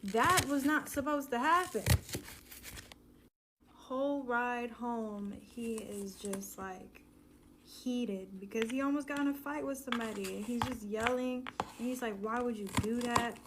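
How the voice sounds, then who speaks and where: A young woman telling a casual storytime, animated and acting out the dialogue. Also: on the high side, a little slow, noisy background.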